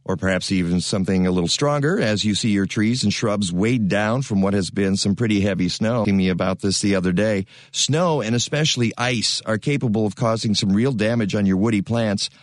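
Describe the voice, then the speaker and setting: A man's voice: lowish voice, a little fast, few pauses, dry recording. A man hosting a radio gardening show, chatting in a folksy, jokey way and reading sponsor spots into a studio microphone.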